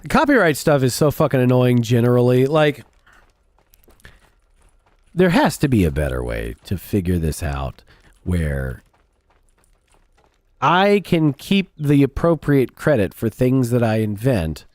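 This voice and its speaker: A man's voice: mid-range voice, sing-song, unhurried, pauses often, a little mellow, dry recording. A man streaming a game and chatting casually with viewers in a blunt, profane, rambling way. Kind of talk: casual chat while gaming.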